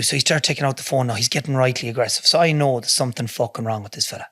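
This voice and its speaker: A man's voice: medium pitch, quick pace, few pauses, pushed and bright, no echo. An Irish man, a podcast guest, telling a story in a blunt, heavy-swearing way in a studio. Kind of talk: casual storytelling.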